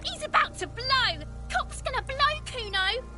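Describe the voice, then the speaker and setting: An actor voicing a crude, foul-mouthed boy in a video game, yelling shrill taunts. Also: sing-song, measured pace, music in the background, exaggerated voice. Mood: taunting.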